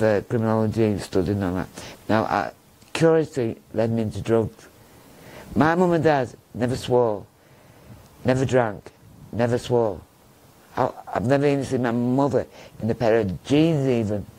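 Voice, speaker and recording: A man's voice: mid-range voice, a little mellow, poor audio. Chatty middle-aged man with a Manchester accent. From Norway. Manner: chatty, rambling, repeats himself, laughs at his own stories. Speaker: guest. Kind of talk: casual interview storytelling.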